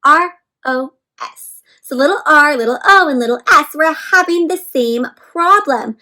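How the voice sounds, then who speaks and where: A woman reading a picture book aloud to children, animated, asking them questions and slowly sounding out letters, sometimes dropping to soft whispered asides. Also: sits high, low-quality recording. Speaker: children's story reader. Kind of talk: interactive read-aloud for kids.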